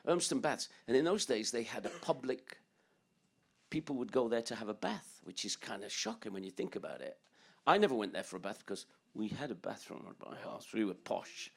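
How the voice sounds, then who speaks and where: An older English musician, a guest in a storytelling interview, speaks in a mid-range, creaky, husky voice that's expressive and brisk. He rambles and jokes, laughs often, and slips into song and quoted voices.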